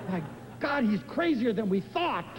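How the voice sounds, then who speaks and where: An older man giving an inspirational lecture, telling stories in an animated, expressive way. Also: a little slow. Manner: expressive, animated storytelling with big swings in pitch. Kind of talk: inspirational lecture to a live audience. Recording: live lecture in a hall with faint room noise.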